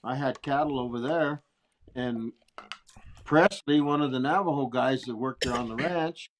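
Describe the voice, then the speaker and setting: A man's voice: medium pitch, normal speed, slight background noise. A plainspoken man telling a hunting story in a casual, salty way. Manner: plainspoken, salty, laughs at himself. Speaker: guest storyteller.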